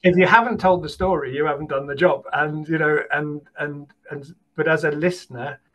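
A British man, an audiobook casting producer, giving encouraging advice in an animated way as a guest, often repeating and restarting words. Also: a little high, moderate pace, low-quality recording. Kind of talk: conversational interview advice.

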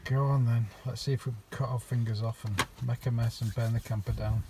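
A man's voice: mid-range voice, fairly even intonation, a little fast, noisy background. A man in a camper van joking and mock-grumbling while he cooks on camera. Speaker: vlogger cooking in a camper van. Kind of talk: casual chat. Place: camper van outdoors at a campsite.

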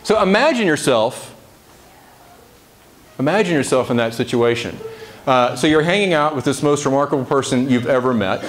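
A man's voice: mid-range voice, lively intonation, normal speed, long pauses, a little hiss or hum. Chatty male preacher. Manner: conversational, chatty asides, frequent "right?" to the congregation. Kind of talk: casual sermon. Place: church service.

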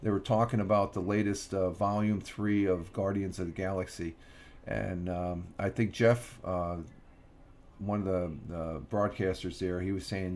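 Low gravelly guy chatting on his morning stream, lots of um and restarts. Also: fairly even intonation, moderate pace, darkish tone, slight background noise. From Upstate New York. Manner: rambling, many restarts and fillers. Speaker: livestream host. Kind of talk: casual morning chat. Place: home room.

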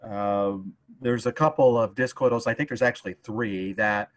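A man's voice: lowish voice, fairly even intonation, moderate pace. Man, curator, casual livestream chat, hesitant, lots of ums and uhs. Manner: hesitant, many filler sounds. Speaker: museum curator.

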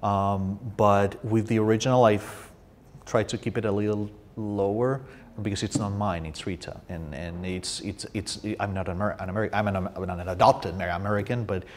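A man from Spain with a Spanish accent, a poetry translator answering audience questions, with lively storytelling and frequent restarts. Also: lowish voice, moderate pace, slight background noise. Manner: restarts often, animated storytelling. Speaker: poetry translator and guest speaker. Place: university room.

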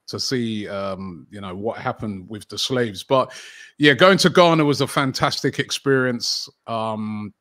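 A man's voice: lowish voice, unhurried, a bit bright, no room sound, clean studio sound. A middle-aged English man with a London accent, talking casually in an interview with many fillers and restarts. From England. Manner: chatty, frequent fillers and restarts. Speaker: football channel host, interview guest.

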